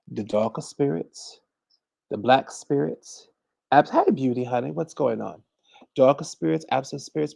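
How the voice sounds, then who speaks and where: A man's voice: mid-range voice, gravelly, a little mellow, husky, no echo. A man hosting a casual livestream, chatting and teaching, greeting viewers by name and calling everyone honey. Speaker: livestream host and conjure teacher.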